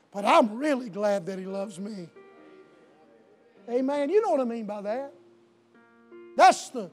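A male pastor preaching a sermon in a church, swinging between shouted, drawn-out declarations and quieter, intimate appeals. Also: extremely high pitch. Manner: shouting preacher cadence with slow emphatic punches. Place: church sanctuary. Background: soft piano.

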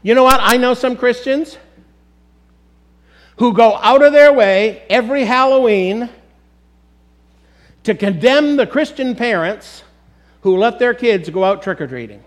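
A middle-aged man with a high voice preaches from the pulpit. He speaks emphatically and addresses his congregation directly. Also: unhurried, pauses often. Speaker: pastor. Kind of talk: sermon.

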